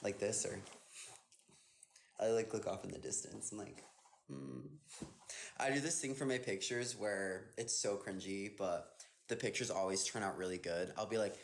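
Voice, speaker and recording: A man's voice: lowish voice, fairly even intonation, normal speed, creaky, pauses often. A young man chatting casually on a phone livestream, reading viewer comments aloud and answering them playfully, often trailing off mid-thought. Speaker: dancer hosting an Instagram live.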